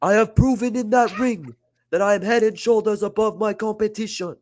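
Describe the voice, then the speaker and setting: A man voicing an arrogant male wrestler who calls himself a ruler, in a slow, overblown put-on accent. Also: high voice, a little mellow, pitched above the performer's own voice, lightly acted. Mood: haughty. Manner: grandiose, slow and over-the-top put-on accent.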